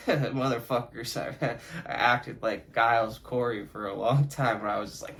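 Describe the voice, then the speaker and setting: A man's voice: medium pitch, measured pace, gravelly, a bit bright, low-quality recording. Young male podcast host, mid-range voice, loose and profane, introspective, laughs through his own points. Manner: profane, reflective, laughs often. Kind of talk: casual solo monologue.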